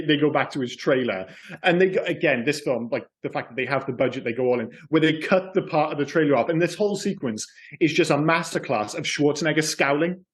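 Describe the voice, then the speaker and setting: A man co-hosting a film podcast, talking enthusiastically in casual chat, swearing freely and acting out lines. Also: a little high. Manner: enthusiastic, swearing, animated storytelling. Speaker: podcast co-host.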